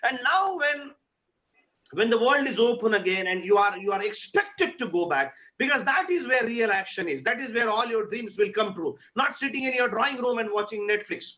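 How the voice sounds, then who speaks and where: A man's voice: very high-pitched, lively intonation, normal speed, bright, forceful tone, dull audio. A man giving an earnest motivational talk on a panel, urging and repeating words as he searches for them. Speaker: panel speaker.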